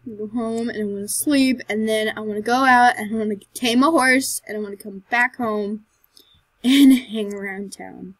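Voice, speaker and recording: A woman giving chatty commentary as she plays a game, excitable and talking to herself, with sudden loud, high outbursts. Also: moderate pace, no room sound, rough recording. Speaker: Minecraft let's player. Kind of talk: gameplay commentary.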